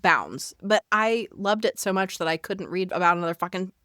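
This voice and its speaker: A woman's voice: fairly low pitch, normal speed, bright, forceful tone, dry recording, clean studio sound. Effusive emphatic woman guest. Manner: effusive, emphatic, swears freely. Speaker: podcast guest. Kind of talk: casual chat.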